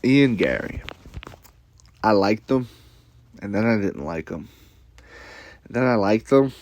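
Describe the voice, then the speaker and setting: A man's voice: on the low side, no room sound. A man ranting casually to camera with a blunt, profane, rambling manner, repeating himself. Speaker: commentator.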